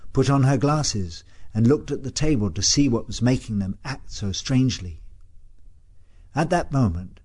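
A man reading a story aloud as first-person narrator, calm and measured. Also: mid-range voice.

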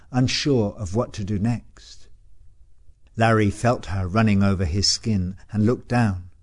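A man reading a story aloud as first-person narrator, calm and measured. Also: fairly low pitch.

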